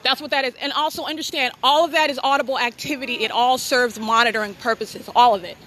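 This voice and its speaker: A woman's voice: high voice, fairly even intonation, fast talker, a bit bright, low-quality recording. A woman narrating in real time as she films, insistent and repetitive, outdoors in a motel parking lot at night, recorded on a handheld phone. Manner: insistent, repetitive, clipped phrasing. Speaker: self-documenting videographer.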